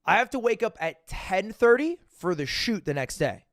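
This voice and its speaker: A young man livestreaming, casually telling a story to his chat, swinging between loud bursts and low asides and acting out the dialogue. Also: big pitch swings, moderate pace, dry recording, clean studio sound. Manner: acts out quoted dialogue.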